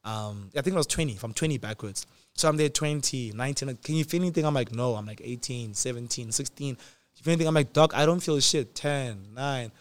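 A man in his twenties telling a personal story in casual chat, animated, acting out quotes with sudden jumps in pitch and loudness. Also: brisk, no room sound. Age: 20s. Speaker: host.

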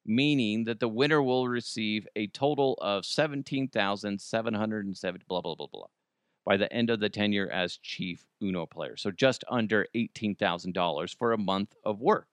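A man's voice: lowish voice, normal speed, smooth, no room sound. Colorado guy chatting on his podcast, rambly, jokes about himself, dead dry sound. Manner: rambling, self-deprecating, jokey asides. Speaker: podcast host. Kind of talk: casual solo chat.

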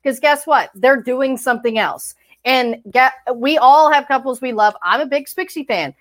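A woman's voice: sits high, normal speed. A woman co-hosting a fan podcast, delivering a heated, sarcastic, profane rant. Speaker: podcast co-host. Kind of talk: ranting fan podcast chat.

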